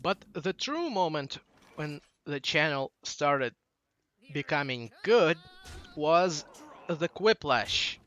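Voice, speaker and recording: A man's voice: a little high, big pitch swings, slow, fairly bright tone, dull audio. A young man in his late teens with a Russian accent, rambling through a casual monologue that drifts off track. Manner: digressive, loses his train of thought. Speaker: channel host.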